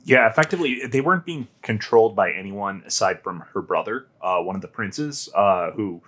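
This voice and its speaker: A man's voice: on the low side, lively intonation, moderate pace, a bit bright, slightly rough. A man co-hosting a podcast in a casual book club discussion, laid-back and joking, swearing now and then. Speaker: podcast co-host.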